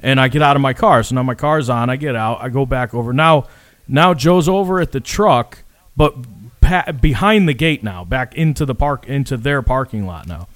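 A man's voice: medium pitch, normal speed, no room sound. A man telling a rambling, profane story in casual chat with friends, acting out the people in it. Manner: profane, rambling, animated retelling.

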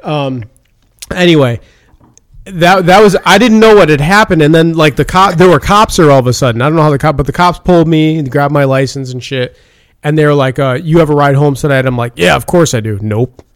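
A man's voice: on the high side, fairly quick, no echo, studio quality. A man telling a rambling, profane drinking story in casual chat, with lots of restarts. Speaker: podcast co-host.

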